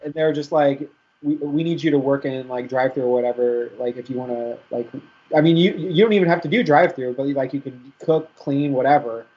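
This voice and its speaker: A young man co-hosts a casual podcast chat at a middle pitch. He tells laid-back stories, laughs often and swears casually. The lo-fi recording sounds dull. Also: a little fast, mellow. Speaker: podcast co-host.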